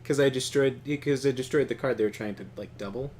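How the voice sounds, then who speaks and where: Medium in pitch and quick in delivery, this young man co-hosts a gaming video, and a faint hiss or hum sits under his voice. He chats casually about the gameplay and tells stories, laughing and cursing a lot in an animated way.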